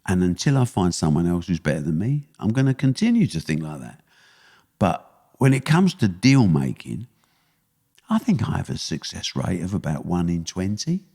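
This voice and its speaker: A man's voice: low-pitched, very animated, normal speed, vocal fry, dark tone, long reverb tail. An older man with an East London accent, a guest telling blunt, punchy stories in a podcast interview. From England. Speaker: guest, sports promoter.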